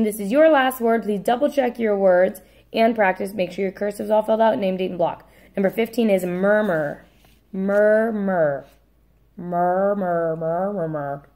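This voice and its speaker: A woman teacher dictating a spelling test. She says each word slowly and repeats it, adds brief asides, and apologizes when she corrects herself. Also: mid-range voice, a little mellow.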